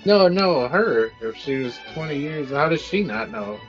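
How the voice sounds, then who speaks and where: A man's voice: fairly high pitch, expressive, measured pace. Wisecracking male podcast co-host. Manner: wisecracking, sarcastic. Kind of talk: casual comedic banter. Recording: dull lo-fi audio, faint music.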